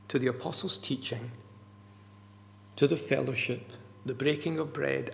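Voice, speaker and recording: Male preacher, gravelly, emphatic sermon delivery, recorded with long hall reverb. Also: medium pitch, steady tone, normal speed. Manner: earnest, emphatic, repeats key words.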